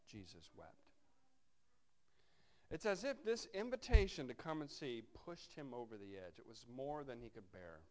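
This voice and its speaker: A man's voice: medium pitch, expressive, normal speed, few pauses. A man preaching a sermon, reading scripture aloud and breaking off into wry, conversational asides to his congregation. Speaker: pastor.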